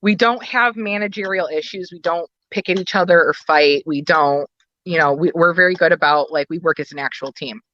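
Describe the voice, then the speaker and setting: A woman's voice: on the low side, fairly quick, a bit bright, dry recording, lo-fi sound. A woman talking about her work as a wrestling booker and valet in a casual podcast interview, a chatty storyteller who laughs often.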